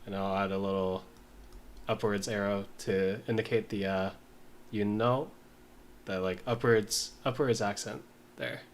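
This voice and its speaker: Slow low-voiced man studying aloud. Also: steady tone, slight background noise. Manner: slow, mumbling while writing, sounds out words. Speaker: language learner. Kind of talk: casual study session, reading and writing aloud.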